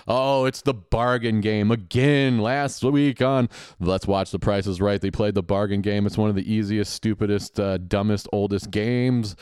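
A man with a fairly low voice narrates a game show episode as it plays, tossing in mocking jabs and quick asides. The sound is dry and close to the mic, like a home podcast setup. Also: steady tone, darkish tone, clean tone, no echo. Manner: sarcastic, mocking running commentary with quick asides and laughs. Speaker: podcast host. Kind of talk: casual play-by-play of a TV game show.

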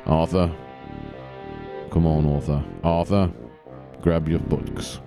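A man putting on the voice of a gruff, brooding male gang boss, low and hushed. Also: steady tone, slow, over music, exaggerated voice. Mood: commanding.

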